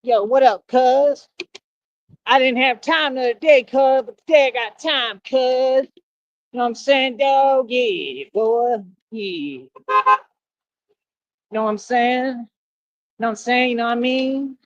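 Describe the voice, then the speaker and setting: A man's voice: extremely high pitch, a little slow, pauses often, dull audio, voice pushed up. A man putting on a swaggering slang-talking guy. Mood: boastful. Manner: cocky, drawls "cuz" and "dog" tags.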